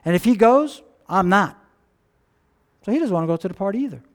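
Male pastor, very high voice, animated sermon storytelling with questions to the crowd. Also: fairly quick. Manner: animated storytelling, acting out characters' lines; asks the congregation questions.

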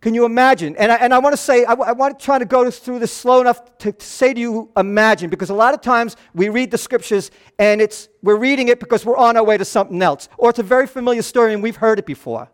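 A middle-aged man preaching a sermon as a pastor, moving between soft, hushed passages and raised, animated ones. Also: very high-pitched, fast talker, hardly any pauses, clean tone.

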